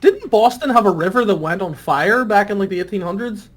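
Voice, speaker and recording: A young Irish man chatting casually on a podcast, animated and swearing freely. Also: sits high, brisk. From Ireland. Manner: animated, swears freely, jumps into exaggerated voices. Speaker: podcast guest.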